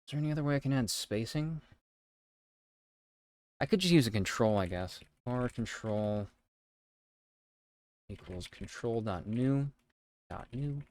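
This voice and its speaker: A man's voice: medium pitch, lively intonation, darkish tone, no echo, clean studio sound. A young man from the East Coast of the United States, casually chatting on a live stream while thinking aloud as he codes. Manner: thinks aloud while coding, reading code slowly.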